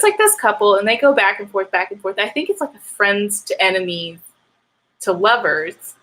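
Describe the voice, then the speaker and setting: Young woman rambling to her stream chat, animated, gets ranty, mid pitch. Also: poor audio. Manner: animated, ranting. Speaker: writing livestream host. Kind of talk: casual chat with live viewers.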